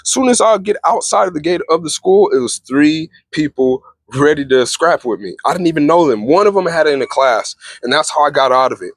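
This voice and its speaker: A man's voice: a little high, lively intonation, a little fast, few pauses, dry recording. A young man from Texas telling a casual storytime vlog, laid-back and constantly saying "fam". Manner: laid-back, says "fam" constantly, acts out voices with laughs.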